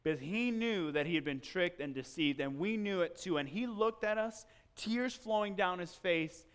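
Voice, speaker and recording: Male pastor, animated storyteller, resonant, high-pitched. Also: normal speed, hardly any pauses, smooth. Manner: animated storyteller acting out scenes. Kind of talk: sermon with personal storytelling. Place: church.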